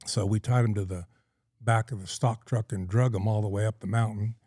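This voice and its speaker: Mellow-voiced middle-aged man spinning a yarn. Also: on the low side, fairly even intonation, brisk, no room sound, studio quality. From California. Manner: folksy, rambling storyteller with many fillers. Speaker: guest. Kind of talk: casual storytelling in a podcast interview.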